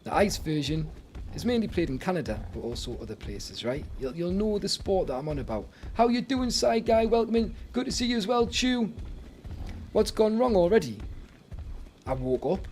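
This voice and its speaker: A Northern English man hosting a laid-back live stream, chatty and quick to laugh as he greets viewers. His voice sits a touch higher than most men's, with a faint hiss of background noise. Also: sing-song, darkish tone. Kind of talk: casual live-stream chat.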